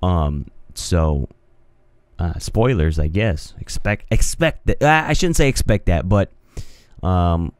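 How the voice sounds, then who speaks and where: A man's voice: low-pitched, lively intonation, slow, smooth, no echo. A young man hosting a casual solo podcast, talking in a rambling, hesitant way with many restarts and fillers into a home studio mic. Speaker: podcast host. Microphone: studio mic on a home mixer setup.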